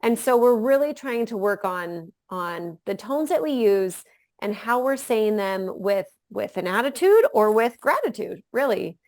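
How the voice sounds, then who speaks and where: A woman guest on a podcast who is a mother, talking in a loud, energetic way in casual conversation. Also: medium pitch, unhurried, no echo.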